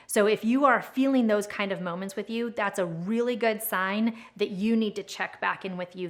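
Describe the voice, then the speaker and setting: A woman's voice: medium pitch, fairly bright tone. A woman giving an earnest, encouraging self-help talk about her own growth, in a reflective way.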